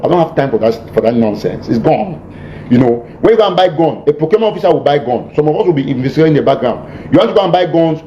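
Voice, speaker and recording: Man, mellow and emphatic, lecturing followers, heard on a dull, muffled archive clip with faint background hiss. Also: a little high. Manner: emphatic, repetitive, stumbling restarts. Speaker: militant leader addressing followers. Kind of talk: lecture-style address.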